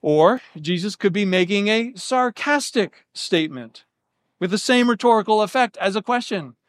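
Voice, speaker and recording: High-voiced man teaching scripture. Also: animated, normal speed, no echo. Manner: explanatory, lays out options step by step. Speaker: Bible teacher. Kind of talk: verse-by-verse Bible teaching.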